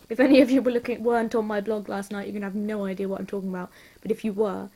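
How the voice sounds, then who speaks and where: Gushing English woman with a gravelly voice. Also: mid-range voice, flat delivery, very fast, hardly any pauses, warm tone. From England. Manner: gushing, rambling, repeats words for emphasis. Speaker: vlogger. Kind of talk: casual chat to camera.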